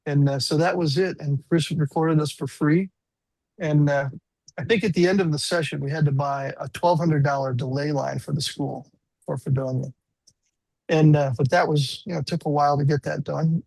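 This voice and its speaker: Gravelly older man telling stories. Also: fairly high pitch, fairly even intonation, normal speed, darkish tone, no echo, poor audio. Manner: rambling, self-deprecating anecdotes. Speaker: guest musician. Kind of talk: casual storytelling interview.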